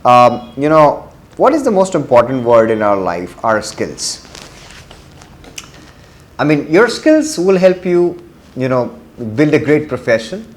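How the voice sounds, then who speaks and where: A man's voice: medium pitch, very animated, a little slow, long pauses. A man giving a test-prep vocabulary lesson, often switching into Hindi and repeating key words for emphasis. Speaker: vocabulary teacher.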